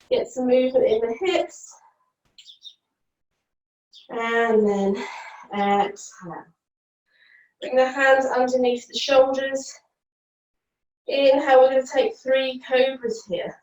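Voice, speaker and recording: A woman leads a yoga flow and matches every cue to inhales and exhales. Her voice sits a little high, and she talks unhurriedly. She sounds distant from the mic, in a room that echoes. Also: slow, pauses often, lo-fi sound. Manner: calm cueing that follows the breath, with counts and options. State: out of breath at times. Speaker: yoga teacher. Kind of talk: guided yoga class instruction.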